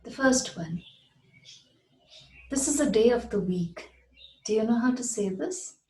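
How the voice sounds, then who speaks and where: A woman teaches pronunciation at an unhurried pace, repeating each word with care. Her voice is soft and mellow, and the room gives it a noticeable echo. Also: fairly high pitch, animated. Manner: patient, repeats words slowly and clearly. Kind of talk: slow, deliberate pronunciation lesson.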